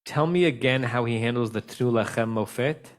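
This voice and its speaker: A man teaching a text-study class as rabbi, talking conversationally and telling stories with an animated, laughing delivery over a video call. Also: mid-range voice, normal speed. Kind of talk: lively text study discussion.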